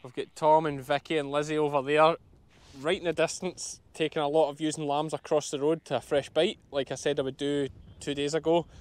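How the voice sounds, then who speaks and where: A man's voice: fairly high pitch, little pitch movement, a little fast, smooth, dry recording. A Scottish man, a sheep farmer, chatting casually and explaining as he works outdoors on his farm. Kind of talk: casual vlog narration while working.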